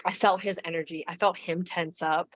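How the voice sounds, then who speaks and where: A woman guest on a podcast, casually telling a personal story in a relaxed, chatty way with fillers and restarts. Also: fairly low pitch, normal speed, dry recording, rough recording.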